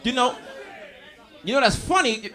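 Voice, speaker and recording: A man's voice: very high voice, animated, measured pace, sharp tone. A man doing a stand-up comedy set on stage, brash and profane, talking straight to the crowd with audience laughter behind him.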